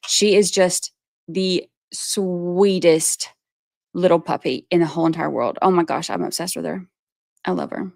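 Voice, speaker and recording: A woman's voice: on the low side, measured pace, gravelly, a little mellow, no room sound, clean studio sound. A woman from Georgia, chatting casually on her livestream and laughing often as she talks to her viewers. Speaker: livestream host.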